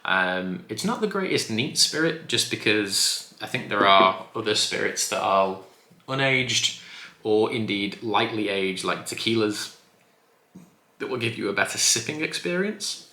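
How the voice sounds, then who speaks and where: Guy reviewing rum, chatty and excited, bright tone, roomy echo. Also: lowish voice, unhurried. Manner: chatty, enthusiastic, self-correcting. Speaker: spirits reviewer. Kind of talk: casual review vlog. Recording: echoey room.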